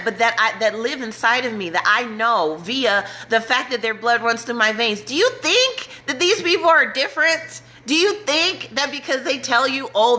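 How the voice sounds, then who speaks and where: Woman vlogger, bright voice, higher pitch, urgent preaching to her followers. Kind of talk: impassioned direct-to-camera talk.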